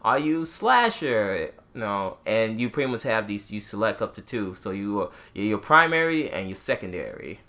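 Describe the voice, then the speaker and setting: A young man hosting a podcast, telling a gaming story in a casual, animated way. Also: fairly low pitch, normal speed, few pauses. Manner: animated storytelling with acted-out quotes. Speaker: podcast host. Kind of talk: casual chat.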